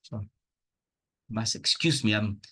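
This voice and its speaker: A man explaining pronunciation over slides, unhurried and patient. His voice sits a little low and has a husky edge. He is openly enthusiastic about teaching. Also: bright, forceful tone. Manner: slow, patient explaining with spoken examples. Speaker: English teacher.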